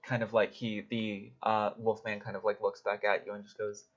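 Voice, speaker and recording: A man with a fairly low voice narrates a tabletop game as game master, hesitating often and filling gaps with "like" and "um". The recording is dull and lo-fi. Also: flat delivery, normal speed. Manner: hesitant, full of fillers.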